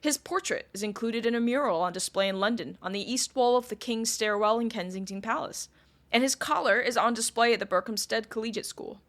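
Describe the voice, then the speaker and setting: A woman's voice: on the high side, brisk. A woman podcast host telling a history story in a casual, chatty way with wry asides.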